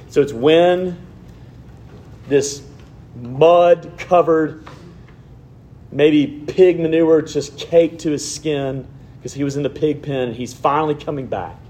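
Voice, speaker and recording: A man preaching from the pulpit, his voice sitting a little high for a man. He drops into quiet, hushed prayer, then lifts into emphatic, building preaching. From Alabama, USA. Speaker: pastor. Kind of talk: sermon.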